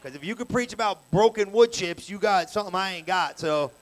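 High-voiced energetic man preaching. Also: a little fast, poor audio. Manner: colloquial, story-telling preaching with slang; energetic, rising to loud bursts. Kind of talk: sermon. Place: church service.

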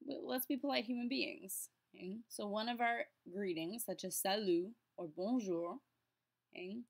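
Upbeat woman teaching French. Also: medium pitch. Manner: patient, slows down to enunciate French words. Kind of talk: classroom lesson explanation.

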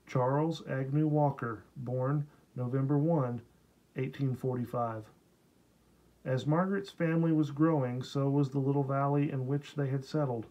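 A male audiobook narrator reads a historical novel at a steady, unhurried pace. His voice sits at a middling pitch with a dark, mellow tone. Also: highs cut off. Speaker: audiobook reader. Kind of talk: scripted narration.

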